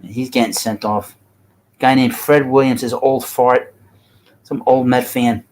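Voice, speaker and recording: A man's voice: medium pitch, fairly even intonation, unhurried, a little mellow, rough recording. Blunt New York man hosting a stream. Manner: blunt, rambling, talks to chat. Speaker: baseball livestream host. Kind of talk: casual livestream chat.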